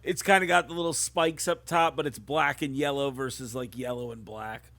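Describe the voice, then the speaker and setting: A man's voice: mid-range voice, steady tone, normal speed, a bit bright. A man chatting casually on a movie commentary podcast, often checking in with "you know what I mean". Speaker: podcast co-host.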